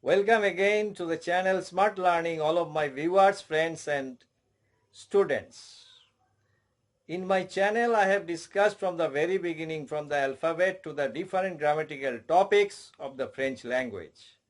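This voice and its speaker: A man's voice: a little high, normal speed. A middle-aged man with an Indian English accent teaching an online French lesson, with a formal manner and a lot of repetition. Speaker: French tutor.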